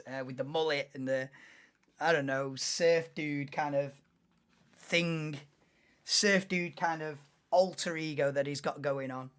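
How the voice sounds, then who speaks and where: A man's voice: fairly high pitch, fairly even intonation, takes it slowly, a bit bright, smooth. Rambling chatty man hosting a live race watchalong. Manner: chatty, rambling, many fillers and restarts. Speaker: livestream host. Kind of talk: casual live race commentary.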